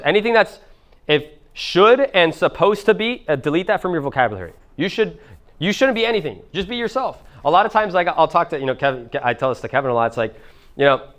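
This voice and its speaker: Fast-talking casual male coach. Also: a little high, lively intonation, a bit bright. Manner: casual and jokey, swears freely, talks directly to the room. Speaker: business and mindset coach. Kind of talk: live workshop teaching to a small group.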